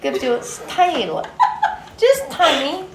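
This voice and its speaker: Very high giggly lady, brash, echoey room. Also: sing-song, measured pace. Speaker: player. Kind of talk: tabletop role-play with friends. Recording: echoey room, faint noise.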